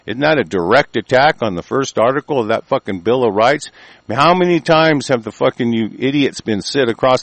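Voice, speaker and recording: Guy going off in a profane rant, mid-pitch voice, really dry sound, no room to it. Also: lively intonation, brisk, no echo. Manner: furious, swearing heavily, stumbles when reading aloud.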